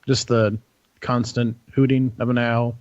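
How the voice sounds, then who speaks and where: Rambling young game master, lo-fi. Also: male voice, mid-range voice, unhurried, no echo. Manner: relaxed, rambling, many fillers and restarts. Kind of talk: narrating a tabletop game. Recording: dull dry lo-fi audio.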